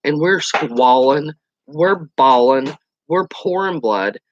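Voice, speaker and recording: Vlogger in their forties, lively colloquial storyteller; dull lo-fi sound, dry. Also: medium pitch, takes it slowly, dry recording. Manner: animated, colloquial, exclaiming. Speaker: outdoors channel host. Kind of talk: casual storytelling.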